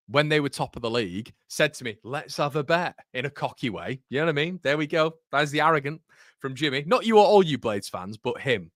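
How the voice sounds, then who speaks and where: A man hosting a live football watchalong, chatting casually with viewers and calling them mate, with loud bursts of excitement when goals go in. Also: medium pitch, dry recording, studio quality. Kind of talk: live match reaction chat with viewers. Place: home room.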